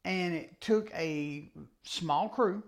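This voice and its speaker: A man co-hosting a podcast in casual chat, joking around and throwing in quick asides. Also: sits high. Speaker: podcast co-host.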